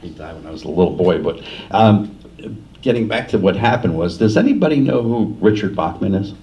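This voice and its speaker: This low-pitched, brisk, animated voice belongs to an older author from New Jersey who spins casual, rambling stories at his own expense during a library forum. The audio is a faint-hissing, muffled room capture made from a distance in a library meeting room.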